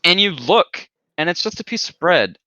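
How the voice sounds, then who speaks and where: A man narrating a tabletop game as dungeon master, chatty and animated. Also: on the high side, moderate pace, dry recording, highs cut off.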